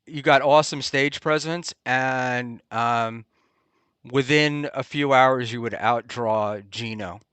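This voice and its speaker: A man hosting a casual talk show, rambling and halting with many ums and restarts. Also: mid-range voice, fairly bright tone, clean tone, no room sound. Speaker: podcast host. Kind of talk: casual chat. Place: Hoboken area, New Jersey.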